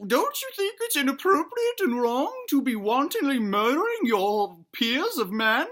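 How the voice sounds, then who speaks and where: A man voicing a prim, scolding old grandmother spirit in comedic storytelling, in a high, quavering, old-fashioned manner. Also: sing-song, a little slow, fairly bright tone, exaggerated voice.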